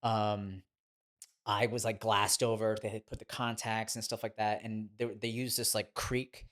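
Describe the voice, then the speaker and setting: A man in his thirties, a podcast guest, telling stories in a chatty, animated way and laughing as he goes. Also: lowish voice, measured pace. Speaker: guest, former child actor turned boxing trainer. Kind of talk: casual podcast storytelling.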